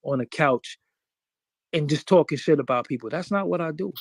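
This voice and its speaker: A man's voice: a little high, normal speed, dry recording. Boastful man, dry close sound. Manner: boastful, profane, emphatic. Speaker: interview guest. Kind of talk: interview.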